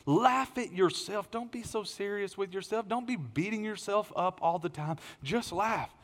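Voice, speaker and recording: A middle-aged male pastor delivering a sermon in a church auditorium, his voice sitting a little high for a man. He tells stories with animated energy, jumping into louder, higher bursts. A long hall reverb trails after his words. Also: normal speed.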